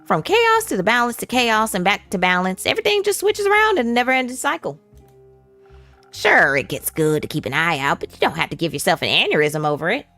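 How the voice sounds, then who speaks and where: A woman's voice: medium pitch, big pitch swings, fairly quick, a bit bright, soft background music. A woman voicing a chatty, laid-back retired old Southern woman with a put-on Southern drawl and a doting, folksy manner. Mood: folksy advice.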